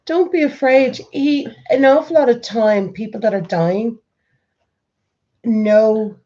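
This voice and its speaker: Irish woman, forties, vlogger, mellow voice, lo-fi sound, lively storyteller. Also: a little high, slow pace. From Ireland. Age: 40s. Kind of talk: casual chat.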